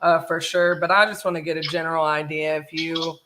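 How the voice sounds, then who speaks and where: A woman's voice: deep voice, little pitch movement, brisk, bright, forceful tone, slight background noise. A woman with a Southern US accent leading a live sales call as host, friendly and affirming, mirroring the caller. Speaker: real estate investor, host.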